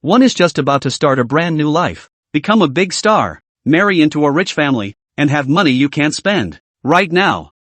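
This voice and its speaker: A man's voice: a little high, sing-song, normal speed, few pauses, fairly bright tone, no echo. A man reading as a whiny scheming young woman. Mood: distraught. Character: scheming young woman, self-pitying and selfish.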